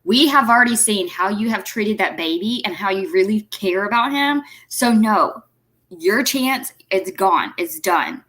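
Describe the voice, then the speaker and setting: A woman's voice: medium pitch, lively intonation, measured pace, fairly bright tone. A woman host, emphatically and indignantly commenting on a clip. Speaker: reaction video host.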